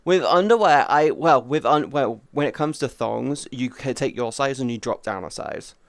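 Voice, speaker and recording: Smooth-voiced young man chatting on stream. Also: medium pitch, normal speed, no room sound, clean studio sound. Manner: animated, rambling and playful, with swearing. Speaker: VTuber streamer. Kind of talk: casual livestream chat. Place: indoors at home.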